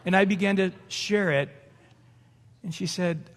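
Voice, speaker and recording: A man's voice: sits high, normal speed, pauses often. A middle-aged male pastor preaching an evening sermon in a conversational way, laughing and acting out little dialogues. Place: church sanctuary. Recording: long hall reverb.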